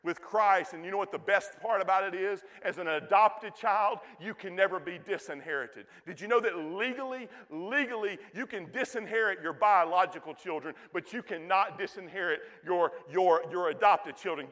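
A man in his forties preaching a sermon with passion, rising loud and dropping to a hush, often repeating his words. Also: high-pitched, normal speed, hardly any pauses, long reverb tail. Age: 40s. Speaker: pastor.

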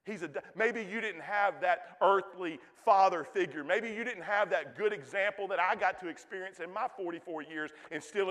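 Man, forties, pastor, sermon, high voice, loud then hushed, repeats words, reverberant sanctuary. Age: 40s.

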